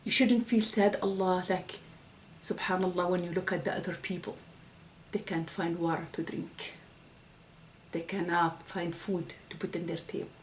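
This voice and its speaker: A woman giving a faith talk with a story, halting and restarting often. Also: fairly low pitch, fairly even intonation, slight background noise, poor audio. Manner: halting, with many restarts and repeated words. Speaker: religious speaker.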